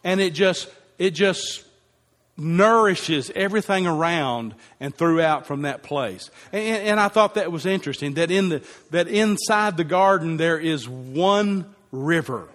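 A high-pitched man preaches to a congregation, hammering points home by saying them again and again. His voice rings out with a long reverb, as if recorded in a large church hall. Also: lively intonation, a little slow, fairly bright tone. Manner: emphatic, repeats phrases for effect. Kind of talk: sermon.

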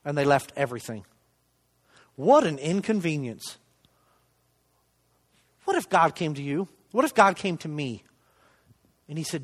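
High-pitched man preaching in an echoing hall. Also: sing-song, a little slow, pauses often. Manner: conversational, self-deprecating, swings between loud emphasis and hushed asides. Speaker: lay preacher giving a testimony. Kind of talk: sermon testimony. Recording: long reverb of a church hall.

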